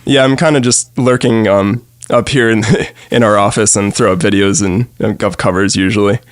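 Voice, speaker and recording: A man's voice: on the low side, moderate pace, smooth, dry recording. A young man from New chatting casually as a podcast guest, rambling with plenty of fillers and easy laughs. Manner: relaxed, rambling with many fillers and frequent laughs. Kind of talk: casual chat.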